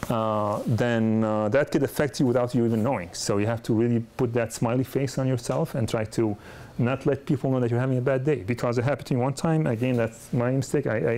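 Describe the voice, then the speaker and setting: A man's voice: medium pitch, a little mellow. A middle-aged man, a pediatric dentist, gives a lecture full of personal stories, talking conversationally with frequent restarts and repeated words. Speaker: pediatric dentist teaching a course.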